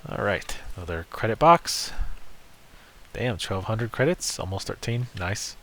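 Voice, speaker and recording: A man's voice: lowish voice, lively intonation, a little slow, pushed and bright, slight background noise. A man giving casual, joking and rambling commentary while playing a video game. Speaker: let's play host.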